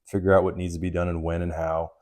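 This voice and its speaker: A man in his thirties co-hosting a podcast, casual and animated, swearing freely. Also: low-pitched, quick pace. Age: 30s. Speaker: podcast co-host.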